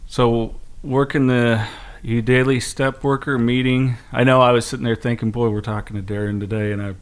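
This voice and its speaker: A male host in a casual interview, moved and halting after hearing a guest's story. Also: medium pitch, flat delivery, clean tone. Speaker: podcast host. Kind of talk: interview conversation.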